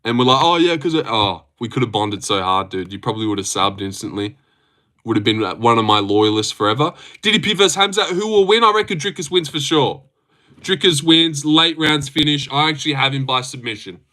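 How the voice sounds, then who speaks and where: Bright-voiced Australian streamer, swearing a lot. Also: male voice, medium pitch, fairly quick. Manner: rambling, swears often, laughs a lot. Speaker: livestream host. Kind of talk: casual livestream chat reading comments.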